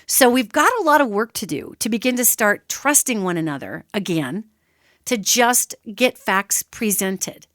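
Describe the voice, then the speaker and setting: Woman, solo radio host, emphatic teaching tone, very expressive pitch. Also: unhurried, no room sound, studio quality. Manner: animated, emphatic, conversational teaching; addresses listeners directly.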